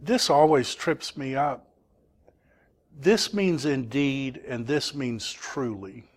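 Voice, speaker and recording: A man's voice: medium pitch, slow. A man teaching a Greek class, asking students questions and patiently explaining grammar. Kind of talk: classroom lesson.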